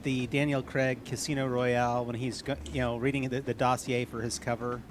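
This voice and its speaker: A man's voice: medium pitch, level tone, a little fast, background noise. A man running a tabletop game, chatting in an easygoing, rambling way. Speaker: game master. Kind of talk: casual tabletop game chat.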